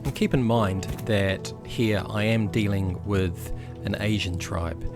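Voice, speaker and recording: A man's voice: on the low side, steady tone, slow. A man giving blunt, chatty commentary over his gameplay, with the odd swear word. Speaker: gaming YouTuber. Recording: background game music.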